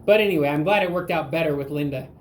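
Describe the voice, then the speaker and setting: A woman interviewing an older relative, retelling her own story in an animated way with quick asides. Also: low voice, a little hiss or hum. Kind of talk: conversational storytelling.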